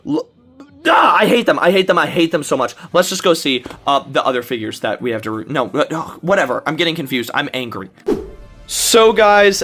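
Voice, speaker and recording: A man hosting a toy unboxing and review vlog, who talks in excitable, heated rants with sudden jumps in pitch. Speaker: toy collector and video host. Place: indoors at a desk in his collection room.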